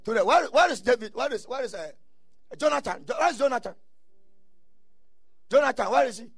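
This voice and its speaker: A man preaching a sermon, telling stories and breaking into shouted bursts. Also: extremely high pitch, lively intonation, fairly quick, creaky, breathy edge, dry recording, studio quality, soft background music. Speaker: pastor.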